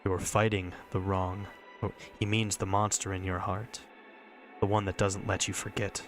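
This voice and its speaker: A man plays a loyal young boy in a visual novel reading. He is hesitant and earnest, steady underneath, spoken in a low register. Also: moderate pace, soft background music, lightly acted.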